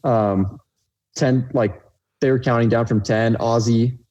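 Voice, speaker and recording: A man's voice: medium pitch, steady tone, slow pace, mellow, lo-fi sound. A young man, a racecar driver guest, telling a race story in an easygoing way on a casual podcast.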